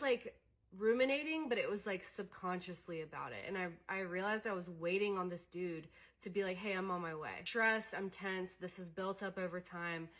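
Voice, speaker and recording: A woman's voice: mid-range voice, a bit bright. A young adult woman coaching on emotions in a candid, conversational way, with many fillers. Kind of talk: casual teaching monologue.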